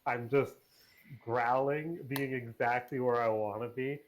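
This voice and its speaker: Guy player calmly reading off attack rolls. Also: medium pitch, a little slow, slight background noise. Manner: matter-of-fact, reads out dice rolls. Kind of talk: casual game talk.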